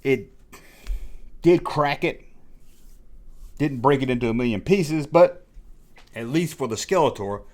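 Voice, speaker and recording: A man's voice: medium pitch, animated, measured pace, pauses often, darkish tone. Rambling middle-aged man telling a story. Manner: rambling, self-mocking confessional tone. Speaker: toy collecting vlogger. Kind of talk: casual storytelling monologue.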